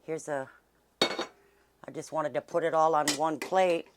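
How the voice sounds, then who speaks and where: Lady cooking vlog host, low voice, chatty and homey, talks with her mouth full. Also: steady tone, takes it slowly, noisy background. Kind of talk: casual cooking vlog chat.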